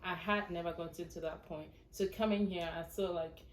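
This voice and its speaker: A woman from Ghana, a podcast guest in casual chat, soft-spoken and measured. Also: on the low side, steady tone, slight background noise. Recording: echoey room.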